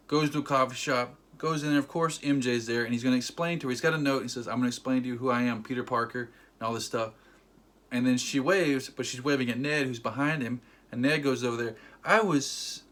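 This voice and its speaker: A young man rants casually about a movie he disliked, with a steady mid-range voice. He keeps slipping into quick mimicked quotes as he retells scenes, his tone dry and sarcastic. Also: medium pitch. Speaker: movie reviewer. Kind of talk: casual rant.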